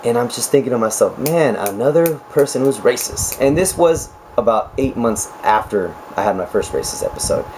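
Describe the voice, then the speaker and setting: A man in his twenties, a nurse talking casually to camera with a raspy, hoarse voice, chatty and joking, with laughs between stories. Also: medium pitch, expressive, moderate pace, hardly any pauses, darkish tone, slight background noise, poor audio. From United States. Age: 20s. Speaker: nurse vlogger.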